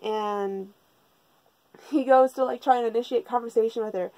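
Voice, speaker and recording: A woman's voice: fairly high pitch, steady tone, normal speed, warm tone, no echo, poor audio. A woman recapping a manga in a casual, rambling way, sarcastic and full of swearing. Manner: sarcastic and profane, rambling with restarts. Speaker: manga reviewer.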